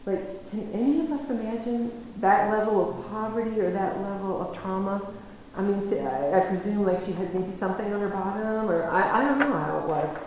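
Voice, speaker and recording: Lady giving a talk, super echoey hall sound, animated storyteller, laughs a lot. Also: medium pitch, a little fast. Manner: animated, acts out conversations, laughs easily. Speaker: lecturer. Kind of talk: storytelling lecture. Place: lecture room. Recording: very echoey room, faint noise.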